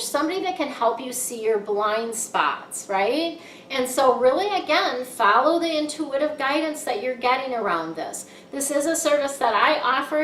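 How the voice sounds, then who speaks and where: A woman's voice: on the high side, a bit bright, slight background noise. A woman giving a casual, upbeat monthly tarot reading who often checks in with "right?". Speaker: tarot card reader. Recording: echoey room, mic set far off.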